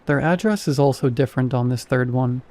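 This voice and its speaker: A man's voice: medium pitch, brisk, darkish tone, lightly acted. A man reading the lines of a curious adult woman, the narrator's sister, in plain, practical questions.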